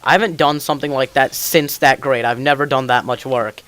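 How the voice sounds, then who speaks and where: A teenage guy chats loosely on a gaming podcast, rambling with plenty of ums and likes. His pitch sits right in the middle of the range for a man. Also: a little fast, fairly bright tone, no echo. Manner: rambling storyteller, many fillers. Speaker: podcast host. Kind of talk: casual chat while gaming.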